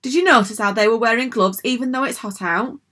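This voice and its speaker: A woman's voice: a little high, a little fast, a bit bright, pitched above the performer's own voice. A woman voicing an impatient, fierce young schoolgirl in a storybook reading, talking bluntly and urgently.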